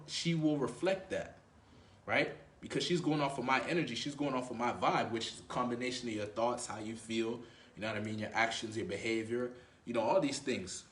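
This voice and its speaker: A man's voice: medium pitch, fairly bright tone. Brief: male dating coach, casual swearing delivery, filler-heavy, roomy echo. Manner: loose, profane, peppered with "you know" and "right?". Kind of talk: casual talking-head coaching. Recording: echoey room.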